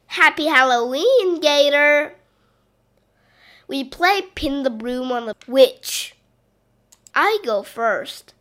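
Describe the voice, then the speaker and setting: A woman reading a children's Halloween picture book aloud, slow and expressive, with playful sound effects. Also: fairly high pitch. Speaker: storybook reader.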